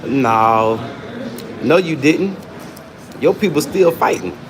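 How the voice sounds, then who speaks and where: A man's voice: a little high, expressive, slow, crowd noise. A man with hosting a livestream, taunting and arguing with users in his chat in a casual, combative way. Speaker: livestream host.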